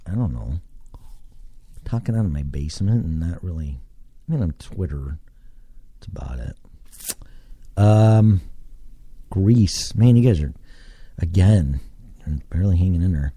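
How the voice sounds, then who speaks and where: A man's voice: deep voice, lively intonation, slow, long pauses, mellow, husky, no room sound. A man from Texas, hosting a casual solo podcast from his basement and rambling as he thinks aloud, with casual swearing. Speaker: podcast host. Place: home basement.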